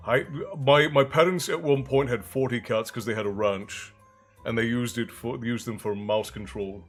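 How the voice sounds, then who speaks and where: A man hosting a casual live stream with an easygoing, talkative delivery. He sits at a middle pitch and reads out messages and greetings from his viewers. Faint music plays quietly behind him. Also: normal speed. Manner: chatty, reads chat aloud and thanks viewers.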